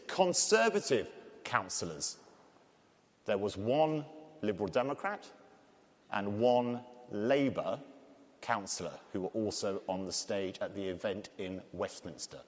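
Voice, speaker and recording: A man with a thick Scouse accent moderating a live panel discussion, joking and energetic. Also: on the low side. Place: large conference hall. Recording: reverberant hall.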